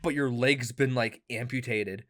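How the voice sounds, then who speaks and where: A man's voice: mid-range voice, fairly even intonation, unhurried, fairly bright tone. A young man co-hosting a podcast, chatting casually, swearing and laughing often as he tells a story. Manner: crude, joking, laughs often. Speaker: podcast co-host. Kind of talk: casual chat. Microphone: webcam.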